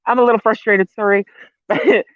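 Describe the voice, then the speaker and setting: A man's voice: sits high, fairly even intonation, normal speed, clear, resonant tone, no room sound. A man who is a guest on a live-stream interview, talking in a heated, rambling way with swearing and many restarts. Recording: tinny phone-like line, dry.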